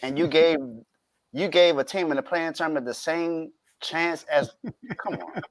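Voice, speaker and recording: A man's voice: a little high, fairly even intonation, moderate pace, dry recording. A man co-hosting a sports podcast, arguing his point insistently and with exasperation. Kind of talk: casual sports debate.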